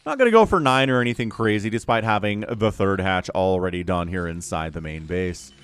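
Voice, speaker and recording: A man's voice: lowish voice, animated, fairly quick, fairly bright tone, smooth, no room sound. A man giving casual solo commentary on a strategy game match, chatty and speaking to his viewers. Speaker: StarCraft shoutcaster.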